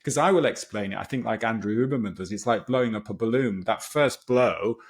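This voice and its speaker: A man's voice: fairly low pitch, brisk, breathy edge. Man explaining breathwork with enthusiasm. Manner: enthusiastic, explanatory, with frequent restarts. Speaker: breathwork coach guest. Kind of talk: conversational podcast explanation.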